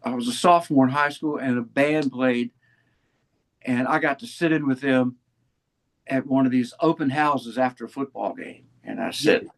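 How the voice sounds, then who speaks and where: A musician in his seventies from Virginia guests on an interview, telling stories casually and sprinkling in old hipster slang. His voice is medium-pitched and his speed normal.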